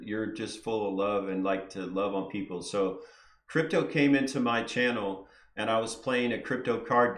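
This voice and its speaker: A man hosting a casual live podcast, upbeat and quick to laugh. His voice sits somewhat low. The sound carries a roomy echo. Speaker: podcast host.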